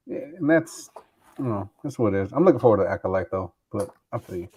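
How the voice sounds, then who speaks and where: Low, mellow-voiced man in casual chat. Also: expressive, fast talker, slightly rough. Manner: profane, rambling, searching for words. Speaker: podcast co-host.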